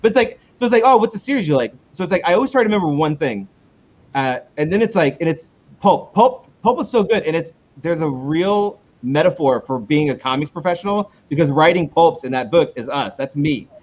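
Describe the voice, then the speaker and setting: A male comic book creator being interviewed in a casual chat. He rambles, restarts himself and jumps up in pitch when he retells conversations. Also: animated, a little fast, darkish tone, lo-fi sound.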